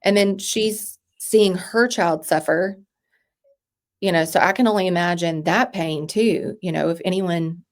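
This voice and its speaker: Halting woman with a low-ish voice. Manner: halting, with restarts and trailing-off phrases. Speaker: podcast guest. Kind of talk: emotional personal interview.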